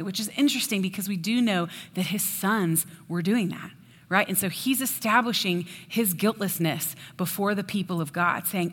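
A woman giving a sermon in a chatty, animated storytelling way. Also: medium pitch, moderate pace. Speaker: preacher. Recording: long hall reverb.

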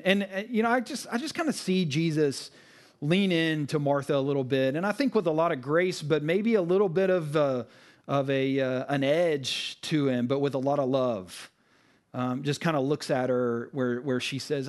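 A man giving a casual sermon to a live audience, retelling scripture in a chatty, animated way with asides. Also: on the high side, moderate pace. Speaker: preacher.

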